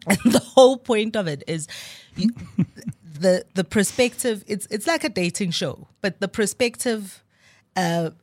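A woman's voice: mid-range voice, lively intonation, unhurried, darkish tone, no echo. A woman co-hosting a radio show, telling stories playfully with laughs. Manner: playful, giggly storytelling. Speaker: radio co-host. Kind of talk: casual radio chat.

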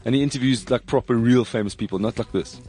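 A man's voice: mid-range voice, fast talker, mellow, faint music behind. A man hosting a casual comedy podcast in a studio, bantering and joking with his guests. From South Africa. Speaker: podcast host. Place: radio studio.

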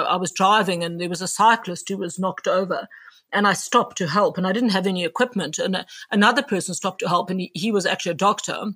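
Woman, ER doctor guest, bright voice, animated storyteller. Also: mid-range voice. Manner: animated, acts out quotes with laughs. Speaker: emergency doctor and author. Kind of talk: interview guest, casual storytelling.

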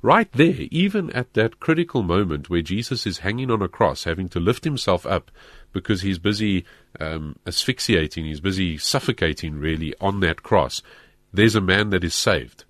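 A man's voice: low-pitched, lively intonation, normal speed, fairly bright tone, no echo. A man, a pastor earnestly explaining faith questions in a studio discussion. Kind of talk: Christian talk show discussion.

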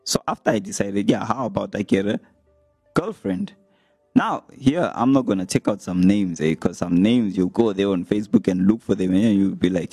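A young man talking casually to his viewers as a vlogger, retelling comments with animated, laughing delivery. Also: on the low side, normal speed, no room sound, faint music behind. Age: young adult. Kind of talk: casual storytelling to camera.

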